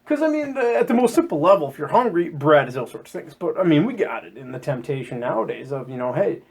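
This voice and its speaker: A man chatting casually on a podcast about scripture, his fairly high voice swooping up and down as he jokes. He keeps slipping into quick silly voices to act out what people say. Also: slightly rough. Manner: animated, jokey, acts out quotes in silly voices. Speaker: podcast co-host.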